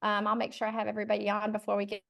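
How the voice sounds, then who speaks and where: A woman's voice: medium pitch, monotone, racing, gravelly, fairly bright tone. A middle-aged woman from Georgia with a Southern accent, leading a virtual workshop in a friendly way, with lots of ums and uhs. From Georgia, USA. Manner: friendly, many ums and uhs, says y'all. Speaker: charter school consultant leading a workshop.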